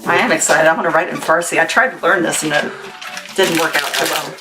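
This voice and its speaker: A woman's voice: low-pitched, steady tone, fast, over music, rough recording. A young woman hosting a casual livestream, chatty, laughing and rambling as she works. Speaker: livestream host packing orders.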